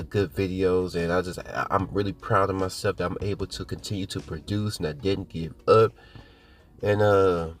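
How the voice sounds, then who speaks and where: A man hosting his podcast, hoarse from a cold, rambling and boastful as he talks straight to his listeners. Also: low-pitched, fairly bright tone. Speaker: podcast host. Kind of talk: casual podcast monologue.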